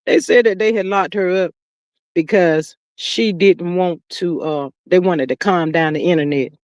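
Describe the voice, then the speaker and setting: A woman hosting a livestream, talking casually and animatedly, swinging between loud outbursts and low murmurs. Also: unhurried, dry recording, muffled recording. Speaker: livestream host.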